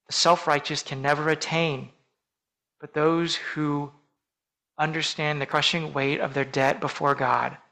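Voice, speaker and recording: A man preaching a sermon as pastor, earnest and measured, slowing down for emphatic phrases. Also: a little high, creaky, sharp tone, low-quality recording.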